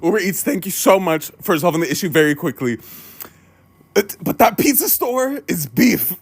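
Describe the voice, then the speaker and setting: A man telling funny personal stories in a casual, animated way, swearing and laughing as he goes. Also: high voice, moderate pace, vocal fry, slightly rough. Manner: animated and exaggerated, swears and laughs mid-story. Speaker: storyteller. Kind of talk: casual comedic storytelling.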